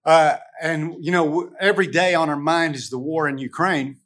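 A man's voice: on the high side, steady tone, normal speed, fairly bright tone. A man from the United States teaching a casual Bible lesson to a group, talking conversationally with frequent restarts and rhetorical questions.

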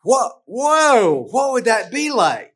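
A man from the United States leads a relaxed Bible lesson for a small group. His voice sits noticeably high for a man, and he talks in a loose, conversational way. He often restarts his sentences and poses rhetorical questions to the class. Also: slow. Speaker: Bible study teacher.

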